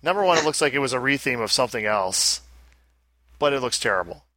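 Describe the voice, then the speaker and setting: A man hosts a casual podcast and works through listener mail with dry, wry asides. His voice is bright and sits at a middle pitch, and the sound is dry. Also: expressive, fast, no echo. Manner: wry, reads emails aloud with asides. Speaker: podcast host.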